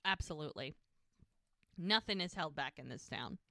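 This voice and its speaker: A woman co-hosting a rewatch podcast, retelling scenes in casual chat and slipping into quick voices for the characters. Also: low voice, animated, bright, forceful tone, no room sound, clean studio sound. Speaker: podcast co-host recapping episodes.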